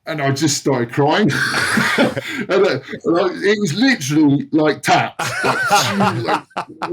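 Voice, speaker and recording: A man's voice: a little high, slow, a crowd in the background. A man in his forties from England, a retired rugby player guesting on a podcast, telling stories with lots of laughter, swearing and stumbles. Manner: animated anecdote-teller, laughs often, swears, stumbles over words. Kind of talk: casual storytelling chat.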